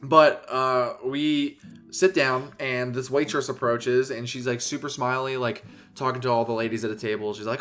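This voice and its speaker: A man's voice: medium pitch, fairly even intonation, normal speed, fairly bright tone, soft background music. A young man co-hosting a casual podcast, telling a story animatedly, swearing freely and mimicking other people's voices. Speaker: podcast co-host.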